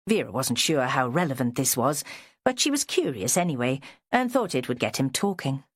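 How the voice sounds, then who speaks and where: A woman reading an audiobook in measured, expressive scripted narration. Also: rumbling low, no room sound, studio quality.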